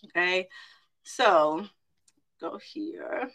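A young adult woman preaching a sermon in an animated, emphatic way, often checking in with "right?" and "okay?". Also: lowish voice, extremely slow, gravelly.

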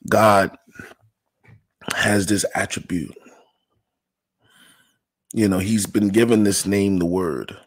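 A man on a livestream discusses faith and success casually and inspirationally, leaning on "you know" and dropping into whispers. His voice is on the low side and steady, slow-paced with long pauses, in a recording without room sound.

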